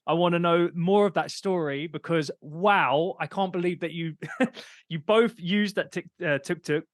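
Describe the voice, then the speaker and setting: A man's voice: on the high side, a little slow, dry recording, clean studio sound. A man hosting a podcast, wrapping up in an effusive, enthusiastic way. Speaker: podcast host. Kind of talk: casual chat.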